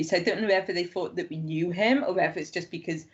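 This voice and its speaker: A woman's voice: fairly low pitch, steady tone, fast talker, few pauses. Chatty woman, lo-fi sound. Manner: rambling storyteller, lots of "like", acts out quotes. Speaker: guest. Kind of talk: casual chat. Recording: dull lo-fi podcast audio.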